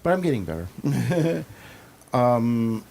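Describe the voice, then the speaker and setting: A man's voice: medium pitch, very animated, takes it slowly, creaky, warm tone. A man hosting an interview in casual chat, rambling and laughing at his own jokes. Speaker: host.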